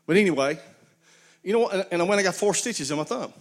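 A man's voice: high voice, expressive, fast. A man preaching a sermon, folksy storytelling with call-and-response to his congregation. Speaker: pastor.

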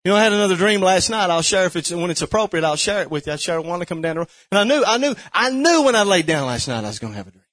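High-voiced fervent preacher man. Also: very animated, rapid-fire. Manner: fervent, building to shouts with repeated questions. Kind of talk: sermon.

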